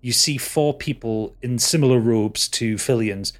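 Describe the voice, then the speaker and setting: Casting: a male game master describing scenes, hesitant and filler-heavy, with mid-range pitch. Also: unhurried. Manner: hesitant, full of fillers and restarts. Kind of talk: narrating a tabletop game.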